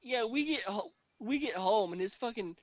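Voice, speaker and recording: High-voiced young man telling rowdy stories. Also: normal speed, highs cut off. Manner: profane, animated storytelling. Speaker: podcast host. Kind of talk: casual chat.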